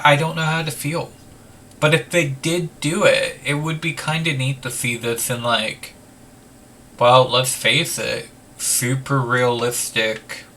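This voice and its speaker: Slow-talking man rambling over gameplay. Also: mid-range voice, bright, forceful tone, recorded from a distance, a little hiss or hum. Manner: rambling, full of "like", swears casually. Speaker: let's play host. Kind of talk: casual gameplay commentary.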